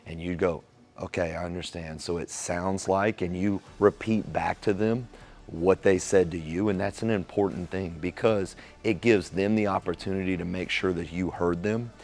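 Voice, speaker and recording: A man giving a casual motivational talk on relationships, acting out little dialogues and softening his tone for the caring lines. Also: deep voice. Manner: animated storyteller acting out quoted dialogue.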